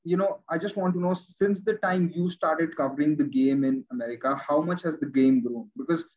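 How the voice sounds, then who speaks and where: A man hosting an interview show, introducing his guest and asking questions in a halting way, often repeating words. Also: fairly high pitch, darkish tone. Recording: dull lo-fi audio.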